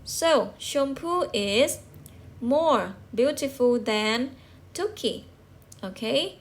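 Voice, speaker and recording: Slow, patient woman teaching English. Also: on the high side, lively intonation. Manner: patient, repeats and checks with rhetorical questions. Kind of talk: slow classroom explanation.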